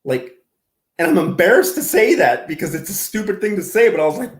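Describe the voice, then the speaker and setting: A man's voice: on the high side, big pitch swings, brisk. Rambling man in an echoey room. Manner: rambling, self-deprecating, laughs often. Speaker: commentary channel host. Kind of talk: casual reaction commentary.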